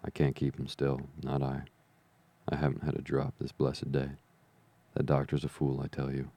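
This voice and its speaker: A man reading the part of a sick old pirate sea captain, feeble and weak, pleading and grumbling in rough sailor's slang. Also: very deep voice, monotone, moderate pace, dark tone. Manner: rough sailor's slang, begging then blustering.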